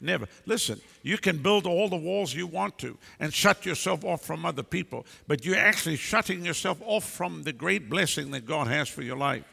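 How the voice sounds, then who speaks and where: A man preaching from the pulpit in a high, gravelly voice that carries a sharp, forceful edge. He is blunt and emphatic, scolding his listeners in sudden bursts. His words ring out with a long reverb through a big church hall. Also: expressive, normal speed, few pauses. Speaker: pastor. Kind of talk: preaching a sermon.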